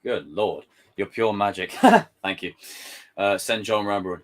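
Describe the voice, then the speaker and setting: A man reading chat during a live stream talks casually, ranting animatedly and with open frustration while cursing freely. He has a lowish voice and speaks a little slowly.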